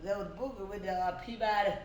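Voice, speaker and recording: A woman's voice: mid-range voice, fairly even intonation, quick pace. A woman, a guest in casual chat, talking bluntly and brashly with no filter. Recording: echoey room with background noise.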